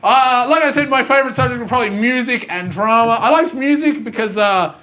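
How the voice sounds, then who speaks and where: A young Australian man doing a self-mocking stand-up comedy set, animated and full of silly voices, in front of a live school audience. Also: very high voice, fairly quick, slight background noise. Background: faint audience ambience and laughter.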